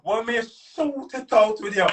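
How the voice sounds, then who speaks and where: Loud cursing Jamaican man, high voice. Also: unhurried, far from the mic, a little hiss or hum. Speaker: live stream host. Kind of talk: heated live-stream rant.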